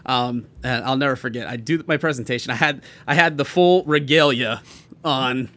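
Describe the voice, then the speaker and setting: A man's voice: mid-range voice, normal speed, a bit bright. A man co-hosting a podcast, telling a story in casual chat, rambling with many fillers and restarts. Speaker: podcast co-host.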